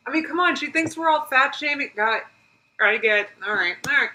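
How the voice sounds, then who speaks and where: A woman's voice: high voice, expressive, brisk, pushed and bright, slight background noise, poor audio. Exasperated woman reacting to a clip. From United States. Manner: exasperated, talks back to the clip, demands evidence; laughs often, reads viewer comments aloud. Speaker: reaction streamer. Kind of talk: live reaction commentary.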